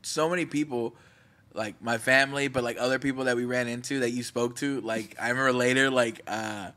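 A man's voice: medium pitch, steady tone, a little fast, pushed and bright. A young man hosting a casual podcast, talking earnestly and rambling, laughing easily. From Mexican-American. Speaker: podcast host. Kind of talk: casual chat.

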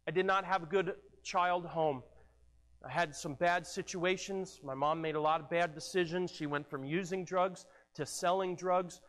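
Male pastor, high voice, earnest sermon delivery with repeated words, church hall with long reverb. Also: fairly even intonation, moderate pace, fairly bright tone. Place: church sanctuary.

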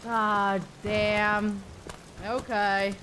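A woman live-streaming a horror game, with excitable, jokey commentary and plenty of swearing. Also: medium pitch, extremely slow, slight background noise.

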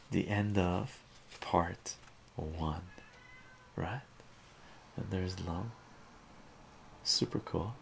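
A man softly reading and describing a comic book for an ASMR channel, in a relaxed, amused way. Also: deep voice, creaky, a little hiss or hum.

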